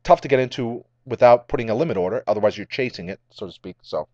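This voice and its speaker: A man's voice: mid-range voice, fast talker, a little mellow, dry recording. A man hosting a casual stock market recap over charts, rambling and cracking jokes at his own puns. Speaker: market commentary host. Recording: dry, slightly dull lo-fi audio.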